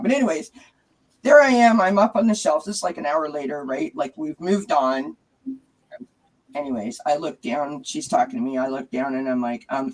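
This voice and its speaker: A man hosting a casual chat and telling a lively anecdote. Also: a little high, normal speed, poor audio. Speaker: host.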